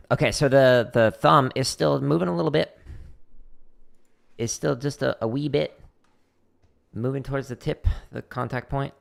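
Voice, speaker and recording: A man's voice: mid-range voice, vocal fry. A man hosting a drumming livestream, chatting casually and explaining practice step by step with self-deprecating humor.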